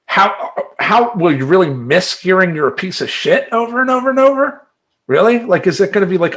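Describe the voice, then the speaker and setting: A man talking as a life coach in a motivational monologue, emphatic and animated, chanting affirmations in rhythmic repetition. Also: high-pitched, fairly quick.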